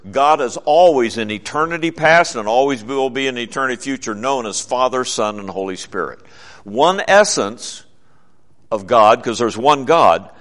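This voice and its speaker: A man giving a sermon in an earnest teaching manner, slowing down to stress key words. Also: mid-range voice, a bit bright. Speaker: preacher.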